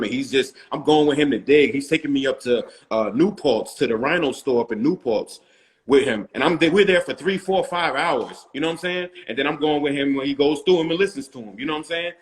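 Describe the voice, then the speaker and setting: A man's voice: medium pitch, fast. A middle-aged man from Long Island, a rapper guest, telling loose stories in casual interview chat and often asking "you know what I'm saying". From Long Island, New York.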